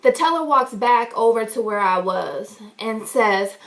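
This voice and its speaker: A woman's voice: on the high side, expressive, measured pace, fairly bright tone. A woman vlogger telling a story in an indignant, emphatic way, swearing freely. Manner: indignant, emphatic and profane retelling. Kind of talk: storytime vlog.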